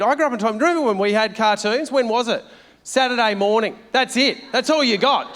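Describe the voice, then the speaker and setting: A middle-aged man performs stand-up on a big stage, brash and full of swearing as he chats with the crowd. His voice sits fairly high for a man, and the live venue adds a long, ringing reverb behind him. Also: a bit bright. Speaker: stand-up comedian. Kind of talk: stand-up comedy set. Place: large theatre stage.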